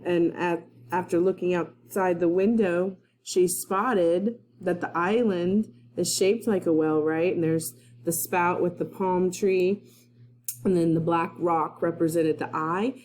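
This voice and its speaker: A woman's voice: lowish voice, steady tone, slow, a little mellow, a little hiss or hum. A woman first-grade teacher reading a chapter book aloud to her class in a chatty way, laughing at her own slips.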